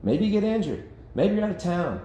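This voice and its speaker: A man's voice: high voice, very animated, fairly quick, mellow. A man leading a church Bible study in a casual, conversational way, acting out quotes and laughing often. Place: church meeting room. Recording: echoey room with faint background noise.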